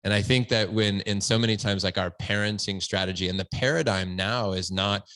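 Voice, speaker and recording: A man's voice: on the low side, fairly even intonation, fairly quick, fairly bright tone, dry recording. A man talking as a podcast guest, earnest and reflective, often restarting his phrases. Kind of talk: conversational interview. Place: at home, standing.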